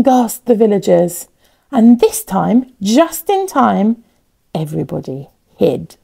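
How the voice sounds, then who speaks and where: A woman reads a children's storybook aloud, her voice warm and a little gravelly. She takes it slowly and lets her pitch rise and fall widely as she builds suspense. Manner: expressive, builds suspense with repetition. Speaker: teacher reading a picture book aloud.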